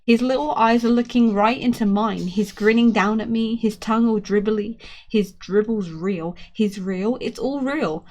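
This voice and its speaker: Woman storyteller, children's book reading, expressive, lively. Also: mid-range voice.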